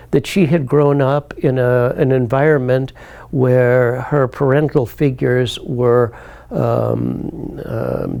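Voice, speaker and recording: An older man with a gravelly, mid-pitched voice tells a story from his clinical training. He speaks in a reflective, measured way, sometimes restarting a phrase. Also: darkish tone. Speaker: therapist recounting a case. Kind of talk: spoken anecdote.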